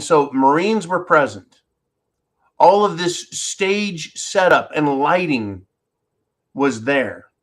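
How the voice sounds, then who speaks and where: A man's voice: fairly high pitch, a bit bright. A man hosting a solo commentary show, talking in an indignant, emphatic way and repeating words when stirred up. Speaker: political commentary host.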